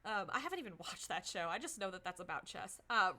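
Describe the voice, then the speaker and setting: A woman's voice: medium pitch, very animated, fast talker, sharp tone, slight background noise. Chatty young woman streaming a game. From American South. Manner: chatty, giggly asides. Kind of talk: let's-play commentary. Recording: game music behind.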